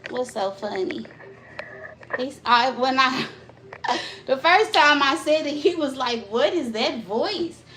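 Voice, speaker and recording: A woman's voice: high-pitched, slow, pauses often, bright, forceful tone, slight background noise, poor audio. A woman vlogging live from her home kitchen, chatting casually with viewers and greeting them by name while she does the dishes. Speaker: live-streaming mom vlogger. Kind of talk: casual live-stream chat.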